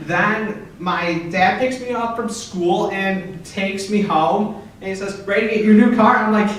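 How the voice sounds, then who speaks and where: A young man doing a stand-up set in a comedy club, telling stories in a deadpan way and jumping high for quoted outbursts. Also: unhurried, slight background noise. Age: young adult. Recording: echoey club from far off.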